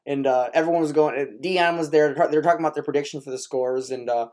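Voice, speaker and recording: A man co-hosting a casual sports podcast, trading jokes and quick banter. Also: fairly high pitch, steady tone, a little mellow. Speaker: podcast co-host.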